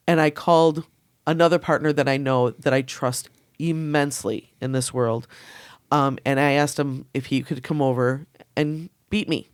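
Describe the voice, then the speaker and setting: A woman talking openly as a podcast guest, laughing often and sometimes rushing through her words. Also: very deep voice, dry recording, clean studio sound. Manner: candid, laughing, fast bursts. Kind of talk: casual chat.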